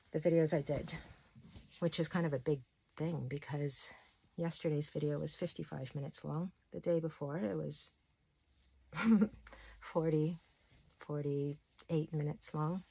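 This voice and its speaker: Her voice is low and a little mellow, with no echo in the recording. A self-love coach and channel host, she chats to camera in a candid vlog, rambling through stories and showing her feelings openly.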